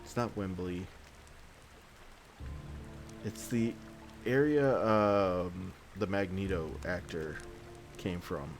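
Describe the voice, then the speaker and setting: Male let's-play host, lowish voice, rambling, cursing rant, light music underneath. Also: slow pace, pauses often. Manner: exasperated, swears often, rambling. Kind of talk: gameplay commentary, ranting.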